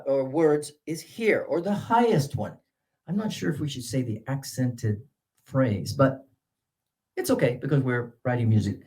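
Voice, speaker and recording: Man teaching word stress, halting delivery. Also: darkish tone. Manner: halting, with many uh fillers and restarts; swoops his pitch to model stressed syllables. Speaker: English teacher trainer. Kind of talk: workshop lecture on word stress.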